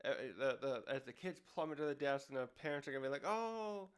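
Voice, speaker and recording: A man's voice: medium pitch, fairly even intonation, very fast, clean tone. A man hosting a casual review, rambling and often restarting his sentences. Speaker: host.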